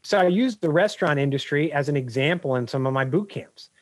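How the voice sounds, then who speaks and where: Middle-aged male coach, punchy and anecdotal, slightly high voice, dry sound. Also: a little fast, no room sound. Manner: energetic, anecdotal, emphatic. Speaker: business coach guest. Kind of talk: interview answers.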